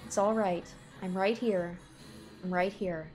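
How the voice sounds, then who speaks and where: A woman reading a calm, gentle young woman. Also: medium pitch, measured pace, natural voice. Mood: soothing. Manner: soft, steady, reassuring.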